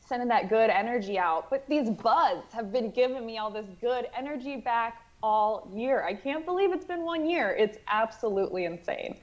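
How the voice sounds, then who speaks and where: A woman's voice: on the high side, lo-fi sound. A woman in the cast of a tabletop game stream, talking in a bubbly, effusive way. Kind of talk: casual chat on a livestream.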